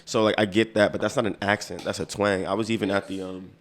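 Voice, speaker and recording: A man co-hosting a podcast in loose, relaxed casual chat, often repeating words as he starts a thought. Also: fairly low pitch, quick pace. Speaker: podcast co-host.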